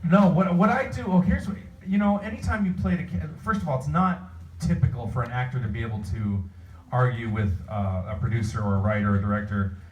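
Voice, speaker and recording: A man's voice: medium pitch, a little fast, far from the mic, highs cut off. Man telling stories in an echoey hall. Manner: rambling, animated anecdotal storytelling. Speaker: voice actor panel guest. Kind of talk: convention Q&A answer. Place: convention panel hall. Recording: roomy hall, voice picked up from afar.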